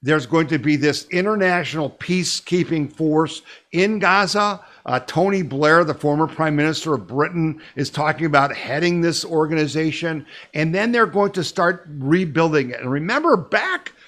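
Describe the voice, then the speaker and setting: A man's voice: a little high, animated, moderate pace, few pauses, a bit bright. A man hosting a weekly news podcast, talking emphatically and urgently and pressing listeners to act. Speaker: podcast host.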